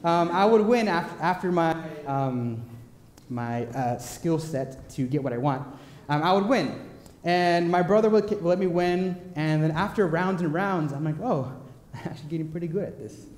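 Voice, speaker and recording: A young man preaching a sermon in a church, telling personal stories in a playful, animated way with quick asides. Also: a little high. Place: church sanctuary. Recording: echoey church hall.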